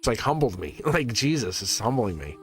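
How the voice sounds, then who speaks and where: A man's voice: mid-range voice, big pitch swings, brisk, faint music behind. A man giving live-stream tarot readings to viewers in a rambling, earnest way, often restarting his sentences and getting emotional.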